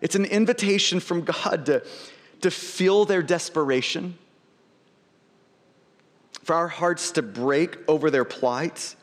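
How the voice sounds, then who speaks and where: A man's voice: fairly high pitch, slow pace, long pauses, in a large hall. A man preaching a sermon as pastor, speaking earnestly and often repeating words as he restarts phrases.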